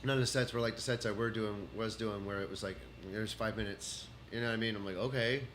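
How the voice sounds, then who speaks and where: This Texas comedian is livestreaming a loose, rambling monologue, running through his notes and restarting again and again. He talks fast with a fairly low pitch, a steady tone and a fairly bright sound, and some hum sits behind him.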